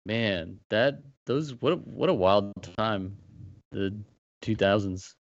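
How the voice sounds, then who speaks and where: A man co-hosting a podcast, musing in a relaxed, filler-heavy way. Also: lowish voice, slow pace, dry recording. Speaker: podcast co-host. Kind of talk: casual podcast chat. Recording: dry, muffled sound.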